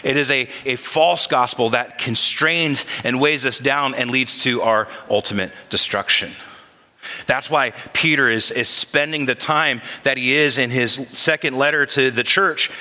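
A man's voice: mid-range voice, measured pace, pushed and bright. A man preaching a sermon as pastor, talking conversationally and putting questions to his congregation. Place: church sanctuary. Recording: long reverb of a large hall.

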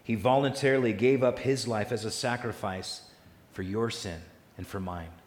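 Preaching man in an echoing hall. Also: fairly low pitch. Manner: swells loud on lists, drops soft and slow on key lines. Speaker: pastor. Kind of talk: sermon. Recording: echoey hall with long reverb.

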